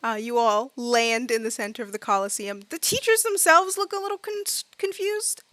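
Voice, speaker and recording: A woman's voice: fairly high pitch, animated, normal speed, a bit bright, no echo. Chatty woman running a tabletop game. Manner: chatty, many fillers, acts out side characters. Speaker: game master.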